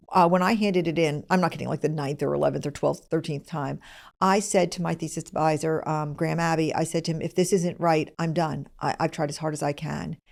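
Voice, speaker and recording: A woman's voice: sits low, a little mellow. A middle-aged woman who hosts the show, telling a personal story in a candid, self-deprecating way. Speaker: host.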